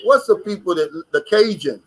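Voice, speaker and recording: Bright, chatty American man live-streaming. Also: sits high, lively intonation, moderate pace, low-quality recording. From United States. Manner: chatty, reads out comments and riffs on them. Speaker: livestream host reading viewer comments. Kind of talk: casual live-stream chat.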